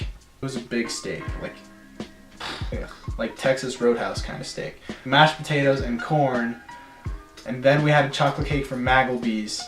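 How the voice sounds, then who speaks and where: A young man in his teens telling a story in a casual vlog, animated and chatty, slipping into silly voices now and then. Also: mid-range voice, reverberant. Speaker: storytelling vlogger.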